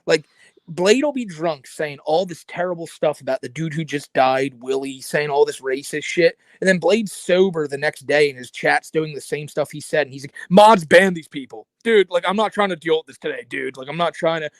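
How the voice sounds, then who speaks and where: A man's voice: fairly high pitch, normal speed, no echo. A man co-hosting a casual podcast chat, ranting with profanity and mocking impressions. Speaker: podcast co-host.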